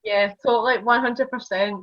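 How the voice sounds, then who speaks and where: A woman's voice: a little high, normal speed. A woman with a Scottish accent, a wrestler telling road stories in a casual interview, laughing often. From Scotland. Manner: animated, laughing, many fillers. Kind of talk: casual storytelling. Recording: dull lo-fi sound.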